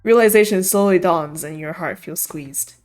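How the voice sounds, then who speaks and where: A woman's voice: fairly low pitch, moderate pace, a little mellow, soft background music. Giggly woman streamer narrating a visual novel. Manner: giggly, with frequent laughter between narration.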